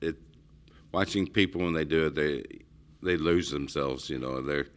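Man, extremely low voice, middle-aged, rambling anecdotes, casual chat. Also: moderate pace. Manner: rambling, storytelling, frequent restarts. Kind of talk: casual conversation.

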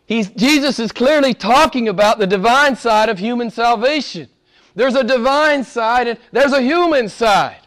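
A man preaching a sermon in a church as pastor, emphatic, asking rhetorical questions and swinging between hushed and forceful delivery. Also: very high-pitched.

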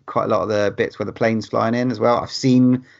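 A man's voice: on the low side, fairly even intonation, a little fast, creaky, highs cut off. A man co-hosting a casual film chat, easygoing and rambling, often trailing off. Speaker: podcast co-host.

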